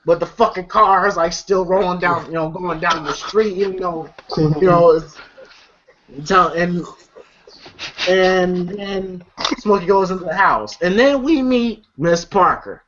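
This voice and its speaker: A man's voice: sits high, measured pace, fairly bright tone. Rambling profane man recapping a movie. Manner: rambling, profane retelling, laughing through it. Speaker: movie reviewer. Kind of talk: casual movie recap with friends. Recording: slightly muffled lo-fi audio.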